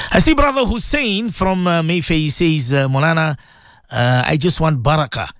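A man's voice: medium pitch, no echo. A man hosting a call-in radio show as a Muslim cleric, speaking in a heartfelt, repetitive way as he reads out listener messages. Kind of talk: emotional call-in radio talk.

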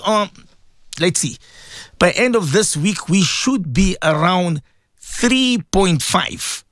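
Animated man hosting live radio. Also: high-pitched, dry recording, clean studio sound. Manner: warm, preachy, animated, addresses listeners often. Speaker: radio host. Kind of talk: casual live radio talk.

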